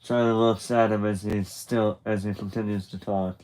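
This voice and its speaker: A man's voice: lowish voice, little pitch movement, moderate pace, darkish tone, rough recording. A man narrating a graphic novel aloud on a live stream, casual and chatty, with restarts and asides. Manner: loose and chatty, with restarts and laughter.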